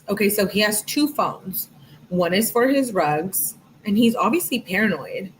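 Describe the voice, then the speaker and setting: A woman's voice: mid-range voice, lively intonation, normal speed, a little hiss or hum, poor audio. A woman reading text messages aloud in a casual, sarcastic way, adding her own asides. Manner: casual, sarcastic asides, reads with rising emphasis. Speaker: true crime commentator.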